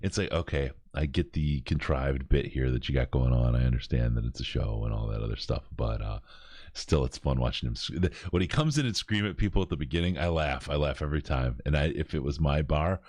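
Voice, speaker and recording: A man hosting a podcast, telling stories in an animated way and laughing as he goes. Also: very deep voice, a little fast, no room sound. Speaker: podcast host. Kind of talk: casual storytelling.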